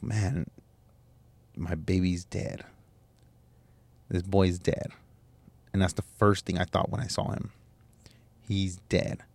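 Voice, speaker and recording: A man's voice: low voice, darkish tone, no echo. A young man hosting a podcast, telling a personal story in a candid, emotional, rambling way with restarts and swearing. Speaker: podcast host.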